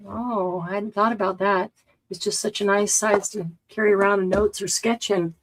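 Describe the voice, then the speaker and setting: A woman's voice: medium pitch, steady tone, moderate pace, low-quality recording. Chatty woman hosting a live sale. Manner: chatty, shows items and counts stock aloud. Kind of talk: casual live-stream sales chat.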